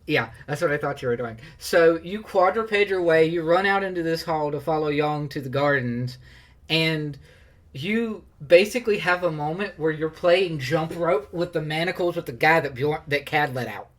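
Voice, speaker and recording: A man's voice: fairly high pitch, normal speed. A man narrating as game master of a tabletop game, rambling with many fillers and laughs.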